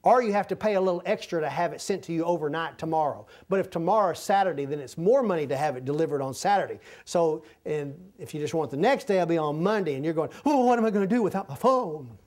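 A man preaching a folksy, humorous sermon in a church, swinging between loud and soft. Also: on the high side, fast, few pauses. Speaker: pastor. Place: church sanctuary.

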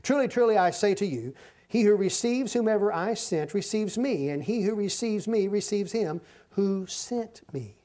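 A man reading out a solemn male teacher's words from scripture in a slow, grave manner. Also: high voice, animated, dark tone.

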